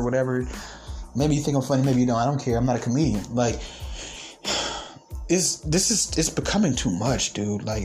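Guy with a high voice going off on a sarcastic cussing rant, bit of music under it. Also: darkish tone. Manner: profane, mocking, sarcastic. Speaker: vlogger. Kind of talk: ranting commentary.

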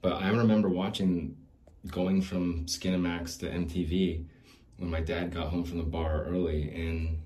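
A man's voice: deep voice, little pitch movement, measured pace, mellow. A man hosting a podcast, talking alone in a loose, rambling way, with lots of restarts, casual swearing and laughs between thoughts. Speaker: podcast host.

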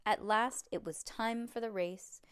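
A woman's voice: mid-range voice, steady tone, a little slow, smooth. A woman reading a children's book aloud, breaking off for chatty asides to young listeners.

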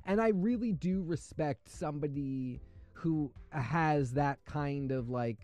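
A man hosting a casual comics discussion, giving thoughtful, measured opinions. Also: on the high side, darkish tone, faint music behind. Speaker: host.

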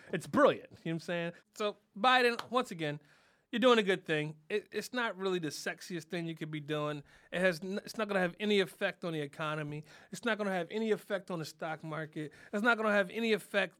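Podcast comic, male, bright high voice, rambling profane rants with mock-outraged yelling. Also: no room sound, clean studio sound. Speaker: podcast host. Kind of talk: comedic monologue.

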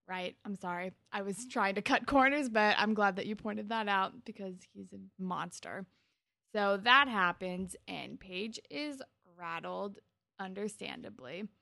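A woman's voice: mid-range voice, lively intonation, a little slow, vocal fry, bright, forceful tone, no room sound, studio quality. A woman co-hosting a casual podcast, walking through TV scenes and quoting the characters with bursts of emphasis. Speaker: podcast co-host. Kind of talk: casual chat recapping a TV episode.

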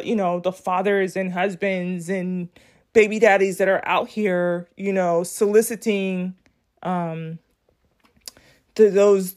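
A woman's voice: medium pitch, darkish tone. Chatty woman podcast host. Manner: chatty, addresses listeners as y'all. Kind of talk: casual commentary reacting to clips.

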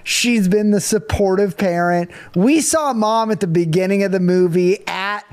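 Expressive woman retelling a movie scene. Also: mid-range voice, moderate pace. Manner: expressive, laughs while recounting scenes. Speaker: podcast co-host. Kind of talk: casual movie recap chat.

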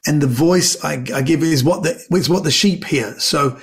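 A man's voice: on the high side, moderate pace, slight background noise. A middle-aged man from Britain, a comedian, telling anecdotes in casual chat and acting out the voices of the people in his stories. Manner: animated storyteller, acts out voices, frequent restarts. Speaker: comedian and actor guest.

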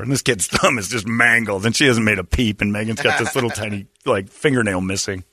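A man hosting a morning radio show, telling stories and reacting loudly with lots of laughter. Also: fairly low pitch, a little fast, few pauses, no echo, clean studio sound. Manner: loud exclamations, laughing, animated storytelling. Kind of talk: casual radio banter and storytelling. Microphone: studio mic.

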